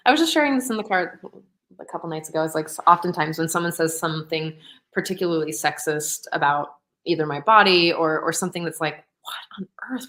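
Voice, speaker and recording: Animated, laughing woman co-host. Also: on the low side. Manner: animated, laughs often, acts out quotes. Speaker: podcast co-host. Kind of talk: casual chat.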